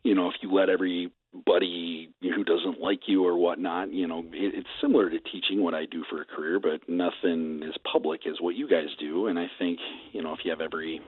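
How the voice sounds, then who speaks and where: A man's voice: sits low, steady tone, fairly quick, few pauses, husky, no room sound. A man calling in as a guest on a radio show, chatty, laughing often as he tells stories. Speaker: phone-in guest. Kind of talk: casual radio chat. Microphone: telephone. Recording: tinny phone line.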